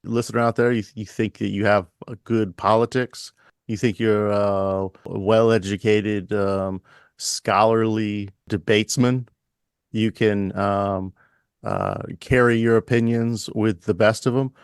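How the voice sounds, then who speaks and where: A man co-hosting a podcast, chatting casually and riffing in a deadpan mock-announcer manner. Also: lowish voice, unhurried, smooth, dry recording, clean studio sound. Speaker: podcast co-host.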